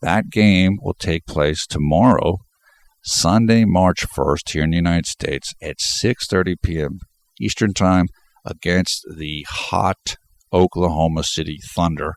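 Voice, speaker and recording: A deep-voiced man presents a sports commentary vlog for his basketball fan channel, speaking at a measured pace with no room sound. Congested and stuffed up, he sounds emphatic and leans on repetition to build his case.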